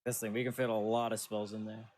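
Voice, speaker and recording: A man's voice: fairly low pitch, level tone, fast talker, darkish tone. A man speedrunning a game and casually narrating his own moves as he plays. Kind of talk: casual play-by-play while gaming. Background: game music.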